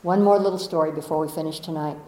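A woman giving a gentle, coaxing inspirational talk as a spiritual teacher, often asking rhetorical questions of her listeners. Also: deep voice, steady tone, fast, reverberant, rough recording.

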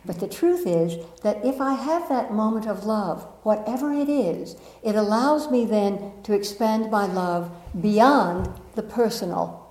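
A woman giving a spiritual talk to a live audience, gentle and reflective, often laughing at herself and asking the room questions. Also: medium pitch, expressive, measured pace, roomy sound, poor audio. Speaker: spiritual teacher.

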